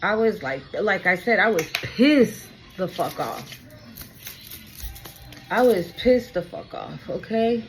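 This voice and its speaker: A woman's voice: mid-range voice, expressive, takes it slowly, pauses often, faint music behind, rough recording. A young woman giving a casual tarot reading, talking candidly, swearing freely and often repeating herself for emphasis. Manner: candid, chatty, swears freely, keeps checking in with "okay?". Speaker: tarot reader.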